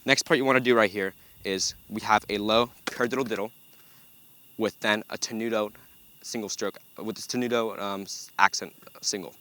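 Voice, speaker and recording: A man's voice: on the low side, fairly even intonation, normal speed. A young man, a center snare drummer, walking through a drum break step by step with frequent ums. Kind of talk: instructional walkthrough. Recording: loud background noise.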